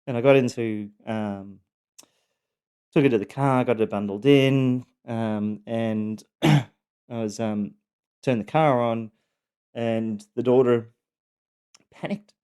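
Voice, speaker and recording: A man's voice: medium pitch, takes it slowly, pauses often, mellow, clean tone. A middle-aged man candidly telling his own story, frank, casually swearing, with wry laughter.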